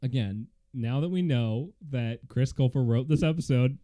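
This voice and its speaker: Chatty man with a mellow voice. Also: mid-range voice, normal speed. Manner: chatty, sarcastic, laughs often. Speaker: podcast co-host. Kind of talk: casual chat recapping a TV episode.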